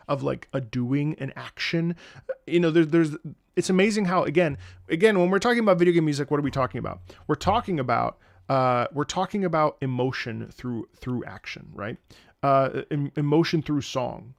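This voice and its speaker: A man's voice: a little high, moderate pace, gravelly, no room sound. A man streaming casual commentary on game music, rambling with restarts and humming melodies into a close mic.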